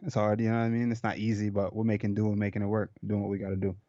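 This is a man from Jamaica, a professional fighter, speaking in a low, relaxed voice. He swears casually and keeps things loose. The recording is dry with a dull, lo-fi sound. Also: racing, no room sound. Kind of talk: casual interview chat.

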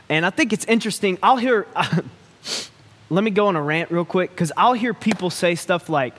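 A man preaching a sermon in a lively, conversational way, repeating phrases for effect. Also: high-pitched, moderate pace, long reverb tail. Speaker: pastor.

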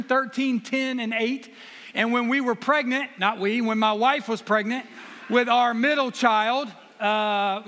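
A South Carolina man with a very high, sharp voice preaches as a guest, mixing self-deprecating humor with earnest personal stories. The sermon rings with the long reverb of a hall.

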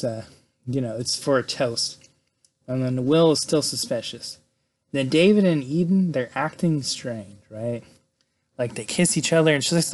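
A man giving a casual, excited movie recap, peppering his talk with "like" and "right?". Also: medium pitch. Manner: chatty, excited, fills with "like" and "right?". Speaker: movie reviewer.

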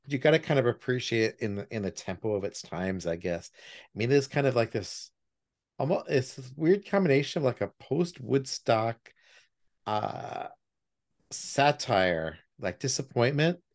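A man co-hosting a podcast, giving a thoughtful, measured critique in casual film talk. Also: medium pitch, sing-song. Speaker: podcast co-host.

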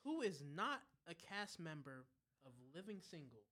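A young woman hosting a casual trivia game among friends, laughing often as she reads the questions haltingly. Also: lowish voice, very animated, a bit bright. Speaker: trivia quiz host.

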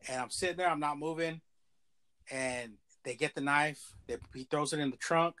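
A man with a slightly raised voice telling a personal story in loose, profane street slang. His talk is casual and animated, and he swears as he goes. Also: a little high, moderate pace.

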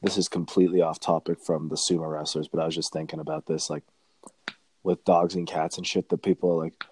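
A man's voice: rumbling low, little pitch movement, a little fast, darkish tone, slightly rough, no echo. A young man chatting casually as a podcast co-host, rambling and swearing constantly. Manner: crude, profane, rambling. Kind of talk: casual chat.

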